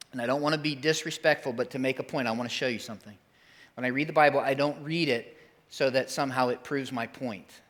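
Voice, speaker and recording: A man's voice: medium pitch, a bit bright. A middle-aged man preaching a sermon as pastor in a church, in a conversational, emphatic way. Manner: conversational, emphatic, acts out quick voices.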